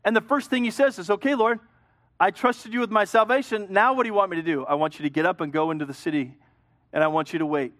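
A man pastor preaching a sermon, swinging between loud emphasis and hushed storytelling. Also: high-pitched, steady tone, fast talker, no room sound, studio quality.

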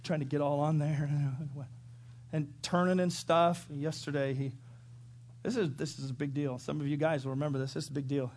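Animated, higher-voiced man preaching a sermon. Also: fairly quick. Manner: animated, acts out quotes with sudden loud shouts. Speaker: pastor.

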